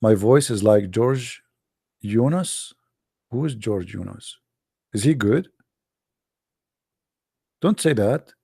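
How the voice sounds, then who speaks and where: A man hosting a call-in show alone, taunting absent callers in broken English and sing-song repetition, often clearing his throat. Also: on the low side, takes it slowly, long pauses, warm tone, dry recording, studio quality. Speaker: host of a call-in religious debate show. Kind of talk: live call-in show monologue.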